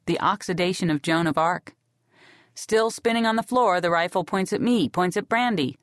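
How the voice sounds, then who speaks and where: A woman narrating a novel in the first person in a sardonic, deadpan way. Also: fairly low pitch, normal speed, no room sound, studio quality. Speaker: audiobook narrator.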